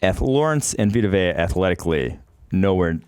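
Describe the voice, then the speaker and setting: A man on a casual sports podcast, talking through draft picks in a measured, analytical way. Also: deep voice, animated, darkish tone, smooth, dry recording, studio quality.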